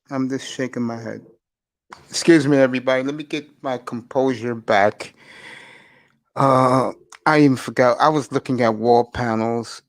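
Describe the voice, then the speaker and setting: A man's voice: mid-range voice, no echo. Male host, casual live chat, stammers and repeats himself; dry, no room.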